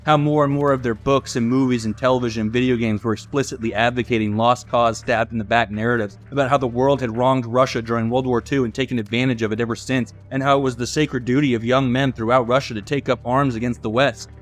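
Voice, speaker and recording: A man's voice: mid-range voice, fairly even intonation, quick pace, hardly any pauses, faint music behind. A young man from the United States delivering scripted commentary narration as a video essayist, sardonic and profane.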